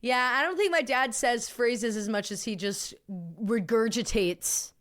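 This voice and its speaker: A woman's voice: fairly high pitch, a little slow, fairly bright tone. A young woman co-hosting a podcast, reading listener submissions in casual chat, blunt and profane, laughing often. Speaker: podcast co-host.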